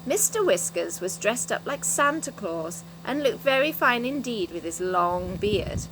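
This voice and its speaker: A woman reading a children's storybook aloud with an expressive delivery. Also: mid-range voice, unhurried, noisy background. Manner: expressive, animated. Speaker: reader.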